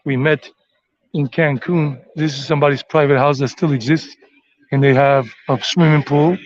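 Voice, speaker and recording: A man's voice: a little high, fairly even intonation, moderate pace, dry recording, muffled recording. An American man giving a rambling, chatty walking tour outdoors on city streets. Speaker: tour vlogger.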